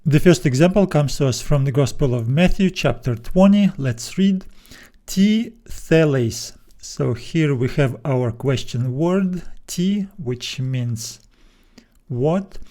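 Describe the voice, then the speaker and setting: A man teaching a video lesson, patiently explaining and slowing down to spell out words. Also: mid-range voice, mellow. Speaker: Greek teacher.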